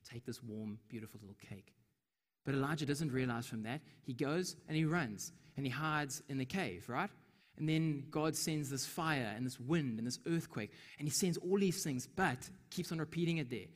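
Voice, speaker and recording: A man preaching a sermon in a conversational way, dropping into soft whispers when he quotes. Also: fairly high pitch, normal speed, big-room sound.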